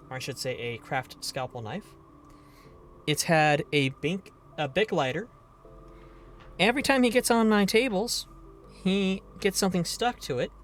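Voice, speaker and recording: A man's voice: on the high side, fairly bright tone, slight background noise. A man streaming a game live, chatting casually in a rambling, playful way and swearing now and then.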